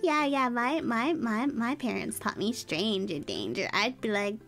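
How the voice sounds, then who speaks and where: Brief: playful woman ASMR streamer with a high voice, close-miked, giggling between read passages. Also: animated, unhurried. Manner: giggly, playful asides to chat. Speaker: streamer reading a storybook. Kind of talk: ASMR storytelling and chat. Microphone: close ASMR mic. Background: soft background music.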